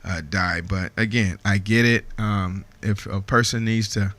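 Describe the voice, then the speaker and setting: Chatty bright-voiced radio host man. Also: on the low side, steady tone, a little slow. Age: 50s. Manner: chatty, laughing, many fillers and "man". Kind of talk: casual radio monologue. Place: radio studio.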